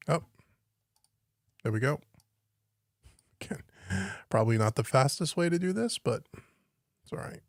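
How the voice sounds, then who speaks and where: A man's voice: mid-range voice, lively intonation, measured pace, long pauses, dry recording, studio quality. A man teaching home recording on a live stream, thinking aloud as he works and puzzling over what he sees on screen. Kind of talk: live-stream software walkthrough. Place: home studio.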